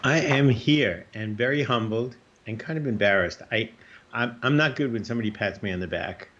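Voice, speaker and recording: A man's voice: mid-range voice, moderate pace, a bit bright, muffled recording, slight background noise. A man, a comedian guest, telling comic stories over a video call, timing his punchlines and mimicking his relatives playfully. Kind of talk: comic storytelling.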